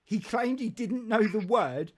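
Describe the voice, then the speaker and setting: A man's voice: high-pitched, expressive, a little slow. A man hosting a casual football live stream, rambling and jokey with frequent restarts. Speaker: football show host.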